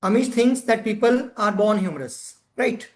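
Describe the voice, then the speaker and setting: A man's voice: high voice, expressive, normal speed. A man leading an interactive workshop session, chatting and putting questions to his audience. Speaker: presenter of a club education session.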